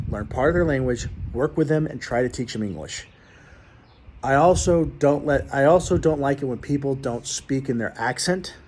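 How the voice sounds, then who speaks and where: A man's voice: medium pitch, a little hiss or hum. A man hosting his own show, ranting bluntly and rambling to his viewers with many restarts. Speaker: show host. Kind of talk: casual rant to viewers.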